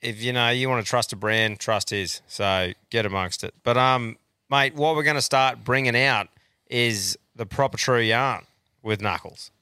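A man's voice: medium pitch, normal speed, pushed and bright, clean tone, no room sound, studio quality. A man hosting a podcast, chatting in a blokey, sweary way and plugging sponsors. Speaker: podcast host. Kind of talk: casual chat.

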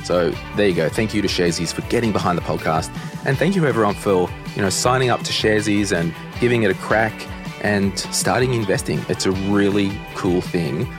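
A man's voice: fairly low pitch, fairly quick, music in the background. A man hosting a podcast in a casual, chatty way, ranting bluntly at times. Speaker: podcast host.

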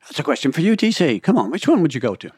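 A man's voice: on the high side, sing-song, very fast, darkish tone, husky, no echo. An older man from Dublin with an Irish accent, co-hosting a podcast in casual chat, telling rambling, playful stories with many restarts. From Ireland (Dublin). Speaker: podcast co-host.

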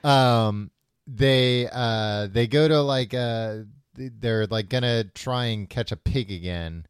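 A man's voice: medium pitch, slow, smooth, no room sound, clean studio sound. A man casually retelling a book's plot on a podcast, full of fillers and restarts, slipping into the characters' voices. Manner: rambling with many fillers, acting out characters' lines. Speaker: podcast host recapping a book. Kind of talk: casual chat.

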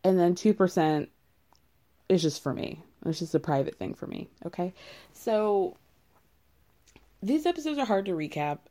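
A woman's voice: fairly low pitch, animated, normal speed, pauses often, dark tone. A woman casually recapping a reality show, candid and rambling, with frequent laughs.

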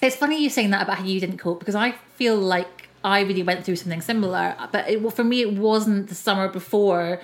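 A woman's voice: mid-range voice, a little fast, hardly any pauses. A woman, a mother, hosting a casual podcast chat and asking thoughtful, reflective questions.

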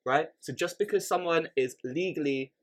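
A man's voice: on the high side, normal speed. A man co-hosting a podcast in casual chat, thinking aloud, repeating words and often checking "right?". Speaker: podcast co-host.

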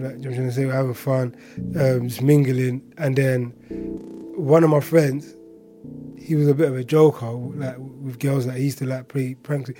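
A man casually telling a personal story, chatty and full of filler words and asides. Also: mid-range voice.

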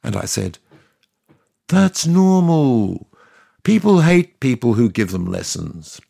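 God as a gravelly, wry old deity. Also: male voice, medium pitch, big pitch swings, slow pace, warm tone, no room sound, studio quality, full character voice. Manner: sardonic, conversational storyteller. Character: God, ancient male deity, wry and chatty. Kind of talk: scripted comic monologue.

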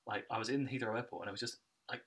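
A man's voice: medium pitch, steady tone, fairly bright tone. A man hosting a podcast in casual chat, talking in hesitant bursts full of fillers. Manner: very rapid, hesitant, filler-heavy. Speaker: podcast host.

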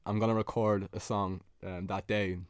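A man's voice: fairly low pitch, little pitch movement, normal speed, smooth, dry recording. A man, a musician, chatting as a guest in a radio studio, easygoing, with frequent laughs and fillers. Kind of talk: casual radio interview.

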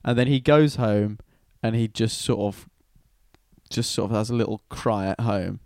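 A man's voice: fairly low pitch, normal speed, darkish tone, no echo, clean studio sound. A man retelling an old story casually and irreverently, swearing and joking.

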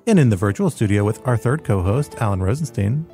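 A man's voice: fairly low pitch, lively intonation, a little fast, dark tone, soft background music. A man hosting a podcast in a studio, introducing topics with playful wordplay and frequent laughs. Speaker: podcast host.

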